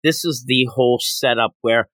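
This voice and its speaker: A man's voice: mid-range voice, normal speed, a bit bright, no room sound. A man co-hosting a podcast, casually recapping a manga chapter and acting out the characters' lines in jumpy voices. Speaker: podcast co-host.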